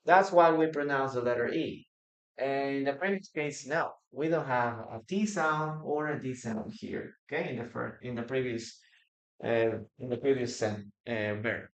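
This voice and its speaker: A man's voice: mid-range voice, normal speed. A man teaching a live online English lesson, patiently repeating words and quizzing his viewers in the chat. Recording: roomy echo.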